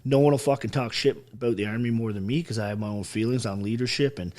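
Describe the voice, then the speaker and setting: A fast-talking man with a medium-pitched, slightly mellow voice, he's an army veteran from Ontario, Canada. He tells his story as a guest on a podcast, conversational in style, blunt, emphatic and full of swearing.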